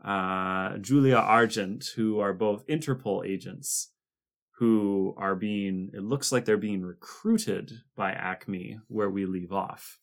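A man's voice: lowish voice, slow pace. A man co-hosting a podcast, explaining details of a cartoon series in a chatty way, with frequent restarts. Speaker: podcast co-host. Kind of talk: casual discussion of a cartoon series.

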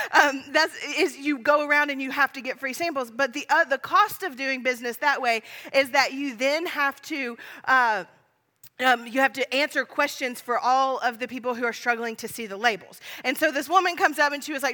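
High bright woman preaching, chatty. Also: long reverb tail. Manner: chatty and self-deprecating, laughing through stories. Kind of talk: sermon with personal stories.

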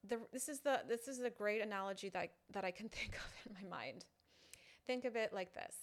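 A woman talks straight to her fans in a relaxed, unscripted way. She often pauses and restarts, leaning on little fillers as she explains herself. Her voice sits at an ordinary middle pitch for a woman. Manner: chatty, halting, full of "you know" fillers. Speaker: online content creator. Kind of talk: casual direct-to-camera talk.

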